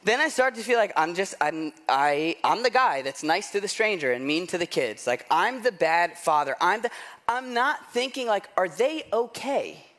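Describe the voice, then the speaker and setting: Guy pastor preaching, high voice, chatty and jokey, keeps saying like and right. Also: normal speed. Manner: animated storytelling with self-deprecating humor; conversational, frequent "like" and "right?". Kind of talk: sermon.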